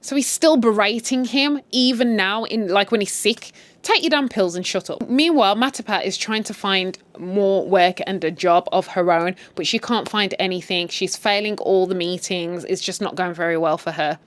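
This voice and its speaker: A woman's voice: medium pitch, normal speed, few pauses, no echo. A woman casually retelling a drama series in a chatty, candid way, often saying "like". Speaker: series recap host.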